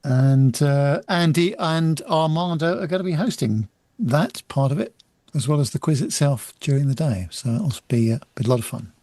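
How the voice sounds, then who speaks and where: A man's voice: fairly high pitch, lively intonation, moderate pace, a little mellow, dry recording. A man hosting a podcast, chatting casually and making upbeat announcements. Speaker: podcast host. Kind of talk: casual chat and show sign-off.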